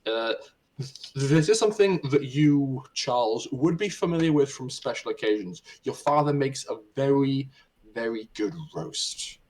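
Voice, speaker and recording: A man running a tabletop role-playing session, describing scenes for his players. He stammers and restarts phrases often as he narrates, in a voice of middling pitch. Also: lively intonation, measured pace, darkish tone, poor audio. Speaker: game master.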